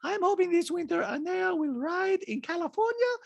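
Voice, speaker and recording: A man's voice: very animated, normal speed, vocal fry, dry recording, dull audio, full character voice. A man mimicking a grand doting rich mother. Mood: self-satisfied. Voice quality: high airy exaggerated tone. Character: doting wealthy middle-aged mother, grand.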